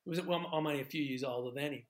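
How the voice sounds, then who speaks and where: Halting Australian man, former rugby coach. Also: fairly high pitch. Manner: halting, many restarts, reflective. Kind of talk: podcast discussion.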